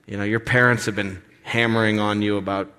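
A man preaching a sermon as pastor, animated and expressive, sometimes acting out the voices of complaining people. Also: lowish voice, a little fast, smooth. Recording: long reverb of a hall.

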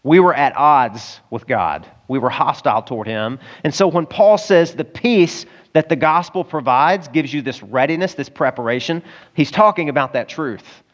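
A man's voice: fairly high pitch, normal speed. A man with a Southern American accent preaching a sermon in a conversational, emphatic style full of rhetorical questions. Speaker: pastor.

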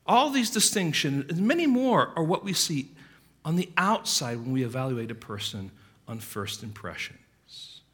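A pastor preaching a sermon with passion, his delivery swinging from loud emphasis to quiet, earnest asides. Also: a little high, sing-song, normal speed.

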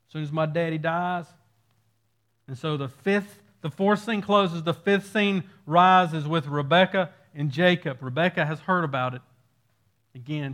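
A man's voice: a little high, fairly bright tone. A male pastor preaching an expository sermon, reading verses aloud and explaining them.

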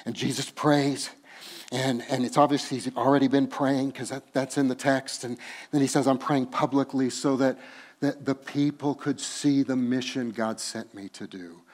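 A man preaching a sermon as pastor, moving from hushed, slow tender passages to loud, laughing, emphatic bursts. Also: medium pitch, steady tone.

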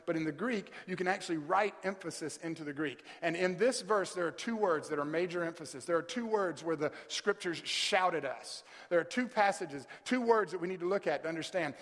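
A male pastor preaching a sermon, with emphatic delivery that swells into loud, stressed peaks. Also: high-pitched, brisk. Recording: long hall reverb.

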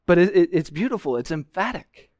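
A pastor with a high, expressive, slightly mellow voice preaches briskly from a church pulpit. In this expository sermon he unpacks scripture with earnest emphasis, and the recording carries no room sound.

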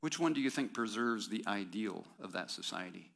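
A man with a fairly low voice preaches a sermon at a church service. He talks to the congregation in a conversational way, asking rhetorical questions and tossing in quick asides. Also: animated, creaky, a bit bright. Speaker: pastor.

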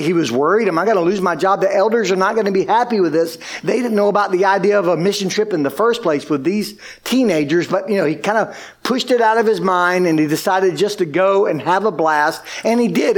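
A man preaching to his church, telling a long story with energy. His voice sits high, and he drops into the voices of the people he describes. The delivery keeps shifting in speed and loudness as he builds the story. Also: fairly quick, few pauses. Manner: animated, acts out quoted speech. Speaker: pastor. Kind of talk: sermon storytelling.

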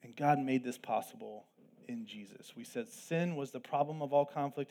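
A pastor preaching an earnest sermon, with plain asides between scripture readings. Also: male voice, mid-range voice, vocal fry, mellow. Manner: earnest preaching with asides and quick self-deprecating jokes. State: throat tickle, coughing at times.

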